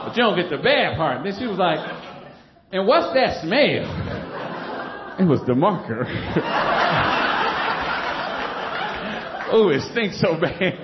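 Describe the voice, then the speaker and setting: A man, a stand-up comic telling a story on stage, laughing as he goes and acting out voices. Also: on the high side. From Detroit, USA. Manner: animated, laughing through lines, acting out voices. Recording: roomy, muffled live recording with noise.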